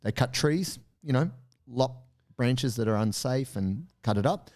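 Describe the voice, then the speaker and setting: A man tells a story on a podcast in a loose, chatty way. His pitch rises and falls a lot, and he often slips into other voices to act out what people said. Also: unhurried. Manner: animated, acts out voices in quotes. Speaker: podcast co-host. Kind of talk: casual storytelling chat.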